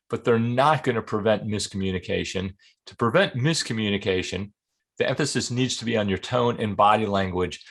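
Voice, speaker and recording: Measured, lower-voiced man giving a tip. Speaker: communication trainer. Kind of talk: scripted talking-to-camera tip.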